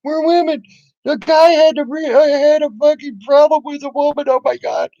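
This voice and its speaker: A man putting on a high mocking falsetto to parody an overdramatic, whiny woman. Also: steady tone, moderate pace, warm tone. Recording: dull lo-fi recording.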